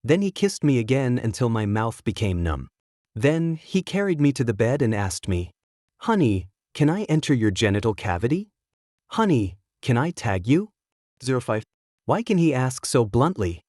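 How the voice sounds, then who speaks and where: A man reads a first-person romance story aloud in a steady, scripted narration. His voice sits in an ordinary middle register. The recording is dry and close, with no room sound. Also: medium pitch, dry recording.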